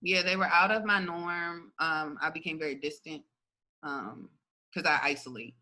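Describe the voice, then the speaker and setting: A young woman gives her faith testimony in a casual interview, talking in a loose, chatty way. Her voice is very bright and forceful, and she breaks into laughter often. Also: deep voice, moderate pace, rough recording. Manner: lively, chatty, laughs often, many fillers. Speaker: guest sharing her testimony.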